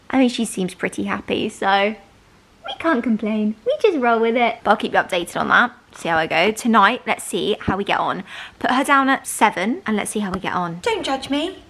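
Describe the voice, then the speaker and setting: A woman's voice: mid-range voice, very animated, moderate pace, fairly bright tone. A young woman, chatting casually and self-deprecatingly in a home vlog. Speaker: vlogger.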